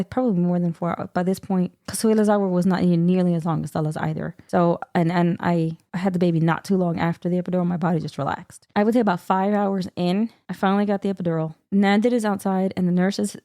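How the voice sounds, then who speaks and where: A woman's voice: fairly low pitch, mellow, no room sound, clean studio sound. A woman in her thirties, co-hosting a podcast, telling a story in casual chat and laughing often. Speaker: podcast co-host.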